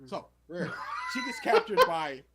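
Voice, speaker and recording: A young man co-hosting a podcast in casual chat, animated and acting out scenes in quoted voices. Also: high voice, normal speed, noisy background. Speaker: podcast co-host.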